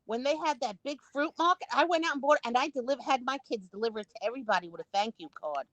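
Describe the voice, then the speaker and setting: An older woman with a New York accent, chatting casually on a livestream and telling lively stories. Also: fairly high pitch, quick pace, dry recording, poor audio. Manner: animated storyteller who acts out quotes. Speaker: guest on a livestream. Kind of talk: casual chat.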